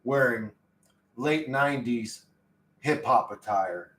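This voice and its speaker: A man's voice: medium pitch, slow pace, a bit bright. A young man chatting casually on a livestream, rambling and swearing in a laid-back way. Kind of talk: casual stream chat. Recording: echoey room, distant mic.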